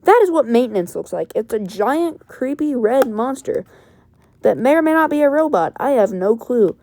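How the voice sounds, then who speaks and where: A woman's voice: fairly high pitch, lively intonation, moderate pace, warm tone. Chatty woman recapping a comic. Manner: chatty, rambling, with fillers. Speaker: comic book reviewer. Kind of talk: casual review and plot recap.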